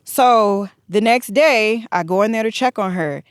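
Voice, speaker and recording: A woman telling a long personal story in casual podcast chat, animated and acting out the dialogue. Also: mid-range voice, measured pace, clear, resonant tone, dry recording, clean studio sound.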